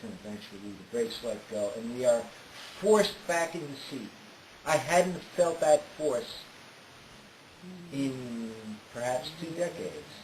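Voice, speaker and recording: A man telling a detailed first-person story in an unhurried way, often pausing on "uh". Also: mid-range voice, a little mellow. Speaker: storyteller recounting a trip. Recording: roomy with faint hiss.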